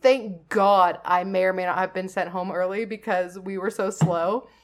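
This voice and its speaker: A young woman in casual chat, animated and profane, often laughing as she talks. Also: fairly low pitch, normal speed.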